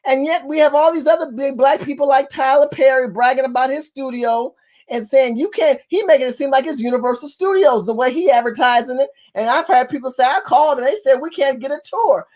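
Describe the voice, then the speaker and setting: A high-pitched woman from California delivers a fiery political monologue as a community activist. She talks quickly and forcefully, hammering her points home by saying them again and again. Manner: fast-talking, forceful, repeats phrases for emphasis.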